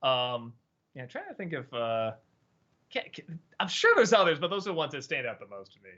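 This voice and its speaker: A man's voice: medium pitch, sing-song, fairly quick, pushed and bright, highs cut off. A man hosting a casual livestream Q&A, rambling and hesitant with lots of fillers. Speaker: host.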